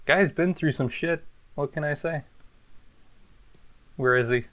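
A young man commentating on a video game he is playing, excitable and foul-mouthed, with loud outbursts and frequent laughs. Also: on the high side, measured pace. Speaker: gameplay commentator. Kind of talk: let's play commentary.

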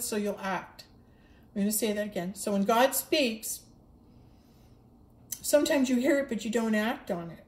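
A woman's voice: a little high, darkish tone. Earnest spiritual woman in an echoey room. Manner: earnest, repetitive, stumbling restarts. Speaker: spiritual livestreamer. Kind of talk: impassioned spiritual monologue.

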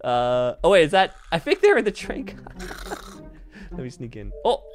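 A woman hosting a Minecraft roleplay in a bubbly, excitable way, often laughing between lines. Her voice has a lively, swooping pitch, and faint music plays underneath. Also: normal speed. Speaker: host.

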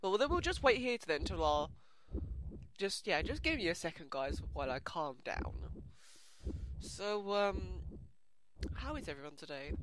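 A young adult with an English accent giving casual commentary on a horror game, easily startled into screaming and then chatting softly with viewers. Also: mid-range voice, animated, moderate pace, long pauses, slight background noise. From England. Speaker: let's play gamer. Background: game music.

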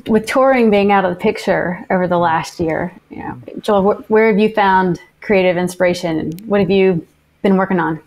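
A woman's voice: mid-range voice, normal speed, darkish tone, low-quality recording. A woman interviewer asking a guest questions in a hesitant, filler-heavy way.

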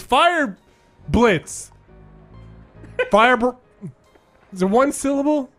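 A man's voice: extremely high pitch, expressive, slow, long pauses, fairly bright tone, faint music behind. A man doing let's-play commentary, rambling through silly guesses and giggling. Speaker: gamer host.

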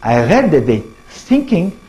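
A middle-aged man with an Israeli accent giving a public lecture in halting English, restarting phrases and putting questions to the audience. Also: fairly high pitch, huge pitch swings, dark tone, breathy edge, poor audio.

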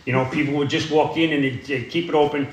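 A man's voice: on the high side, fairly even intonation, fast, slight background noise. Middle-aged guy telling his story at a meeting, rambly, lots of you know, echoey room. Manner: plain-spoken, rambling, frequent "you know" and "uh". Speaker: AA speaker sharing his story. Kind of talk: recovery talk, storytelling.

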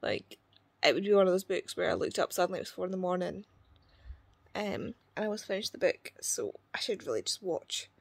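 A young woman, chatting casually about a book she is reading in a vlog, retelling scenes with quoted voices and quick asides. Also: lowish voice, expressive, gravelly, husky, dry recording. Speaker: book vlogger.

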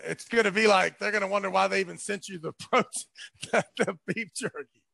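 A man with a heavily gravelly, high voice that sounds bright and forceful. He talks in a boastful, emphatic way and swears freely. The sound is dry and close. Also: brisk, dry recording. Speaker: guest, arm wrestler. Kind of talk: casual chat.

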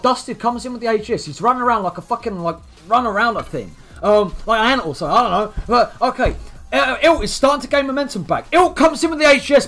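A young man calling a game fight live on stream, his voice pitched very high and bouncing wildly up and down. He swears freely and drifts into jokey asides, with music playing behind him. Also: fairly bright tone. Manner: swearing, hyped, rambling asides. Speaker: streamer commentating a game tournament. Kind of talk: excited play-by-play commentary.

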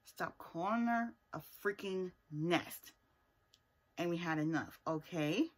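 Slow and lowish, this woman's voice delivers a TV reviewer's casual, sassy rundown of a reality TV episode. She is emphatic, pressing her points with asides and often capping them with "okay?"

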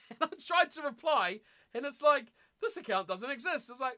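Very high, bright-voiced New streamer. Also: male voice, moderate pace. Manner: chatty, excitable outbursts, frequent laughs. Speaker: game streamer. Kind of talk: live gameplay commentary and chat with viewers.

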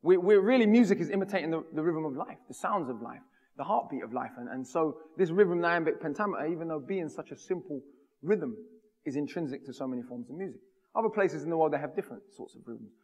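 A man's voice: a little high, lively intonation, fast, darkish tone, muffled recording. A man from the United Kingdom giving a public talk, with a rhythmic, emphatic delivery. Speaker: speaker. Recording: long hall reverb.

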